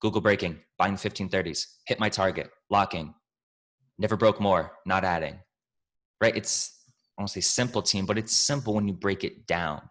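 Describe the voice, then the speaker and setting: Low-voiced man giving a profane pep talk. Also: normal speed, fairly bright tone. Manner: calls listeners family, team, baby. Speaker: trading mentor answering questions. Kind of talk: casual Q&A talk.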